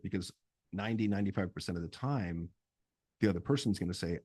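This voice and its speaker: A middle-aged man co-hosting a couples therapy podcast, explaining in a calm, measured way. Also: low-pitched, dry recording. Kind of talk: casual chat with role-play.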